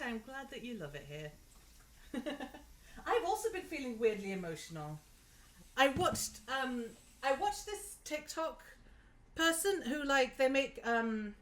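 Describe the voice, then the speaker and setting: A woman's voice: high-pitched, a bit bright. A woman hosting a live cooking stream from her home kitchen, chatting casually and giggling as she talks through each step.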